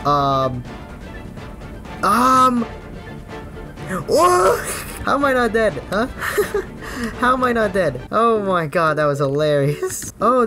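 A gaming YouTuber giving jokey let's play commentary, excitable, with frequent gasps and laughs. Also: mid-range voice.

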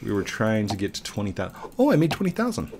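A man's voice: lowish voice, huge pitch swings, fast, noisy background. A man hosting a gaming video from his home setup, joking around with his son at a desk microphone. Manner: playful, joking banter. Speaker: gaming channel host. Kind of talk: casual chat with his son while gaming.

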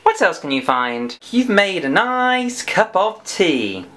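A woman's voice: mid-range voice, big pitch swings, takes it slowly, a bit bright. A woman presenting a children's phonics lesson. She chats playfully and teasingly with a puppet. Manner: chatty, teasing teacher talking to a puppet.

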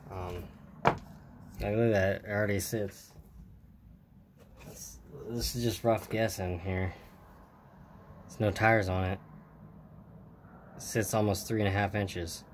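Low-voiced man rambling through a build. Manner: rambling, talks to himself while working, trails off. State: tired. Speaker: hobbyist showing a model truck build. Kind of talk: casual hands-on tutorial. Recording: clear steady background noise.

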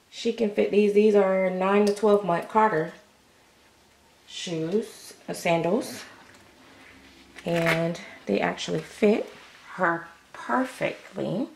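A woman's voice: mid-range voice, creaky, darkish tone, roomy sound. A middle-aged woman chatting casually to camera at home as a doll-collecting vlogger. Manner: chatty, talks to the viewers.

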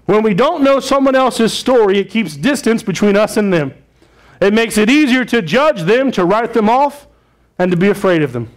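A man's voice: high-pitched, expressive, moderate pace. A man preaching a sermon as pastor of his church, talking in a conversational way and putting questions to the congregation.

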